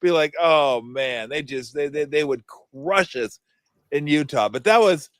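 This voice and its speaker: A man's voice: on the high side, measured pace, no room sound, studio quality. A middle-aged man hosting a casual sports talk show, telling stories animatedly and laughing often. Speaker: podcast host.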